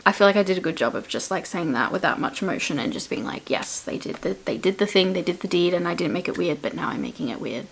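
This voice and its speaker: Giggly young woman with a gravelly voice. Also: fairly low pitch. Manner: giggly, chatty, filler-heavy with lots of "like". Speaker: book reviewer. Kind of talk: casual book recap.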